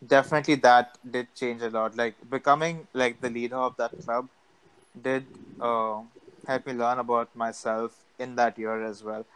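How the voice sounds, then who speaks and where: A young man chatting casually with a friend, excitable, laughing often and swearing freely. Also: mid-range voice, smooth, dry recording, low-quality recording. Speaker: friend and co-guest. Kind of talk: casual podcast chat.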